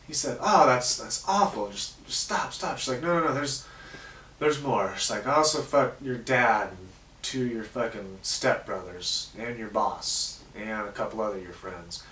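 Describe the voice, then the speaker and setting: A man's voice: on the low side, moderate pace, bright, forceful tone, roomy sound, recorded from a distance. A man hosting a comedy show, telling crude jokes in a casual, swearing monologue. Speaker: host.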